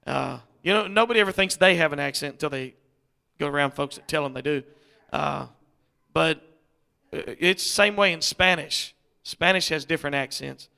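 A man's voice: on the high side, normal speed, vocal fry, bright, forceful tone, clean tone. A middle-aged man, preaching as a visiting missionary in a folksy, rambling way. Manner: folksy, rambling, many fillers and restarts. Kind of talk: sermon.

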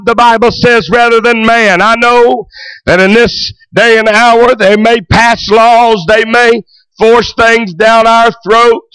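A male pastor preaching a fervent sermon, full of amens and hallelujahs and bursts of shouting. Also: extremely high pitch, clear, resonant tone, dry recording, low-quality recording.

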